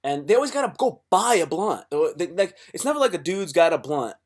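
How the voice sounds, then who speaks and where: Male streamer with a raised pitch and a swearing, restart-heavy delivery. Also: big pitch swings, a little fast. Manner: profane, rambling, with many restarts. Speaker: livestreamer. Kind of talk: casual livestream chat.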